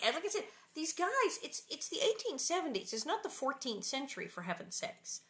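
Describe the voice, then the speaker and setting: A woman reads a children's book aloud and keeps breaking into playful, joking commentary. Her intonation is animated and bouncy, rising and falling widely as she chats. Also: sits high, fairly quick, hardly any pauses, a little hiss or hum. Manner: playful, joking, laughing asides. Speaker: reader and host of the channel. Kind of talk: reading a children's book aloud with chatty asides.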